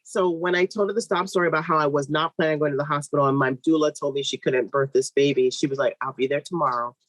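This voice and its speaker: A woman's voice: no room sound, low-quality recording. A woman, a midwife, telling her own birth story in a podcast conversation, acting out what people said with big jumps in voice and running her sentences together. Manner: animated, acts out quoted voices with big pitch jumps; fast, run-on telling with restarts. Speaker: guest, midwife.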